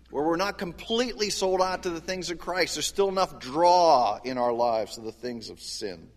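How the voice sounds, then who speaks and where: A man gives a sermon in a church sanctuary, pitched a little high for a man. His delivery is animated, dropping low and quiet, then climbing high and loud. A long reverb from the hall trails every phrase. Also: normal speed, few pauses. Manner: animated preaching with wide swings of pitch and loudness. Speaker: pastor.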